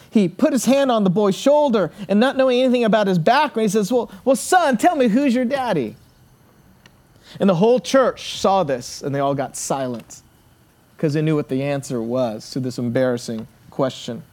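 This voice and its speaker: A man preaching a sermon, earnest, slowing and dropping low on key words and acting out the people in his stories. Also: darkish tone. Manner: storytelling with acted-out quotes. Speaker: pastor.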